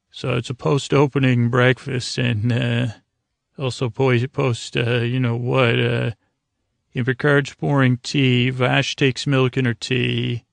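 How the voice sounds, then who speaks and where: A man hosting a podcast recaps an episode casually, rambling with ums, restarts and playful jokes. His gravelly voice holds a fairly level pitch, and the recording is close and dry with no room echo.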